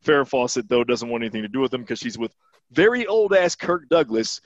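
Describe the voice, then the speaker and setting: A man's voice: mid-range voice, very animated, a little fast, no room sound, muffled recording. A man co-hosting a podcast, chatting casually about movies in a rambling, profane way and laughing often. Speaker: podcast co-host.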